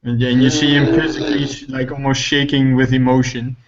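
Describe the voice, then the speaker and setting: A male player in a tabletop game, describing his actions in a rambling way in a middle-pitched voice. The recording is muffled and lo-fi. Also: level tone, fairly quick. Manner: rambling, many restarts. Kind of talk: casual tabletop play.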